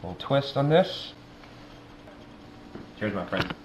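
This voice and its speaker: A man's voice: fairly low pitch, big pitch swings, takes it slowly. A man casually demonstrating how to mix a cocktail, explaining each step as he goes. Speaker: cocktail maker. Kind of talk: casual instructional demo. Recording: roomy, muffled, faint background noise.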